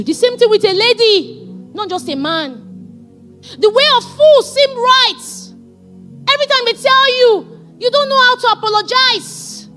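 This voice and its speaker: A woman pastor preaching a sermon, animated and emphatic as she tells stories. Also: very high-pitched, measured pace, soft background music.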